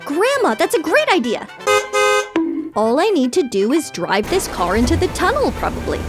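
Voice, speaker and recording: Young female gaming host, bubbly and wry, highish voice that swoops a lot, faint music behind. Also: sing-song, fairly quick. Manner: bubbly, wry, reads game characters aloud. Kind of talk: playing and narrating a game.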